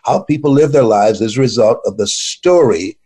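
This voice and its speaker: A man giving a motivational speech, telling stories with a preacher-like cadence and repeating words when excited. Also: medium pitch, normal speed, slightly rough. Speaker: motivational speaker.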